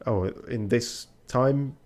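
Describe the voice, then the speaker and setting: A man streaming a game, chatting casually with relaxed, mumbling asides. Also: medium pitch, very slow. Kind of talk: casual let's-play commentary.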